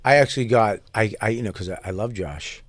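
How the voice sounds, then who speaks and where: A man's voice: lowish voice, fairly quick, dry recording. A middle-aged man co-hosting a podcast, telling stories in casual chat, swearing often and acting out quoted lines. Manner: animated storyteller, swears a lot, acts out quotes. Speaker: podcast co-host.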